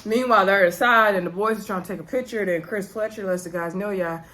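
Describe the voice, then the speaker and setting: A woman's voice: mid-range voice, fast talker, fairly bright tone. A woman recaps a reality show in a loose, chatty way. She talks straight to her viewers and calls them y'all. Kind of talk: casual recap vlog.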